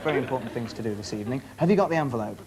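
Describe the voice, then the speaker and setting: A man's voice: mid-range voice, expressive, racing, a little mellow, a faint crowd, a little hiss or hum. A man hosting a hypnosis show in a TV studio, giving coaxing, commanding instructions to his subjects. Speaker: stage hypnotist and host. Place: TV studio with audience. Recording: VHS TV studio with audience.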